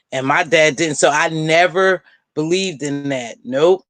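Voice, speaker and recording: A woman hosting a casual live-stream panel, chatting and gossiping in an animated way and calling out friends by name. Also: low voice, unhurried, no echo. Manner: animated, talks straight to viewers and friends by name. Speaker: panel host.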